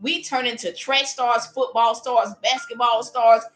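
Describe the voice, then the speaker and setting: A woman preaching in a lively, casual way, acting out little voices as she speaks. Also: fairly high pitch, unhurried, rough recording. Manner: animated, playful, acts out voices while preaching. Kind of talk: livestreamed preaching.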